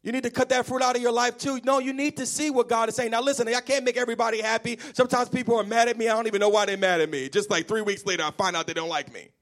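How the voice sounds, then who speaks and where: A man preaching a sermon, animated and emphatic, calling on the congregation to answer back and sometimes half-singing his lines. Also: extremely high pitch, rapid-fire, hardly any pauses. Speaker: pastor.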